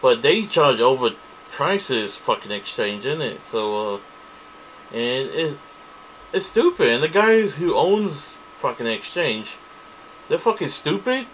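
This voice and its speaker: A man vents in a heated, profane monologue, looping through the same grievances with restarts. His voice sits at an ordinary middle pitch. A faint hiss and air-conditioning hum run underneath. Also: very animated, slow, a bit bright, poor audio. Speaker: vlogger. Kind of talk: angry ranting monologue to camera.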